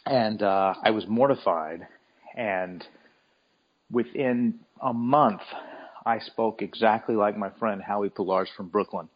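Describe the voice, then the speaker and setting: A middle-aged man from Alabama, low-pitched, telling anecdotes in a relaxed interview. He stammers and restarts often, and the recording sounds a little dull. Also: measured pace. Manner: storytelling, many stammered restarts. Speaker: guest, children's author. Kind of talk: casual interview chat.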